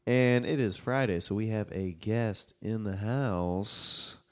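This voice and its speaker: A man hosting a comedy podcast, upbeat and quick to laugh while chatting with a guest. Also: on the low side. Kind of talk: casual podcast chat.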